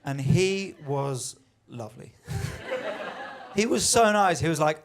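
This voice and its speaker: Animated stand-up comedian, high voice. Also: male voice, slow, vocal fry, pauses often, noisy background. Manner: conversational, animated, acts out quoted voices. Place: comedy venue with live audience.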